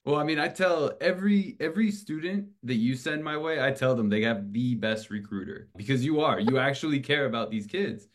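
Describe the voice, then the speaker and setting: A man's voice: medium pitch, brisk, hardly any pauses. A man talking casually and earnestly as an interviewer, with loose phrasing. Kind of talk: casual conversation.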